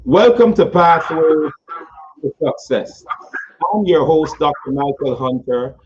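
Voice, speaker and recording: A man's voice: on the high side, expressive, slow. Effusive, playful male host on a slightly muffled line. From United States. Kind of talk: interview talk show.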